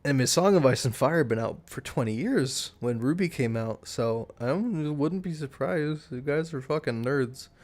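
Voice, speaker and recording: A man's voice: medium pitch, animated, moderate pace, hardly any pauses, a little mellow. A man streaming live, chatting casually in a rambling way, restarting his sentences and laughing at himself.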